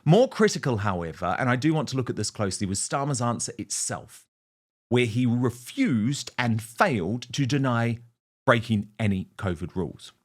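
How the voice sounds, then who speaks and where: A man's voice: mid-range voice, animated, moderate pace. A man hosting political commentary, scornful and punchy, mocking his targets. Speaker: host.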